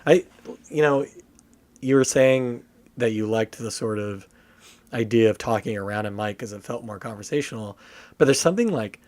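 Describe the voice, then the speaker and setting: A man from Texas, guesting on a podcast and chatting casually. He is animated and self-mocking, and his voice sounds dry and close to the mic. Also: medium pitch, normal speed, long pauses, dry recording. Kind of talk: casual chat.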